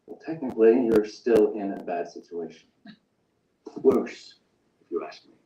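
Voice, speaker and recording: An actor playing a cold, hostile interrogator who questions with sarcasm and quiet threats. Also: male voice, a little slow, close to an everyday voice. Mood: sarcastic. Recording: dull echoey distant sound with faint rumble.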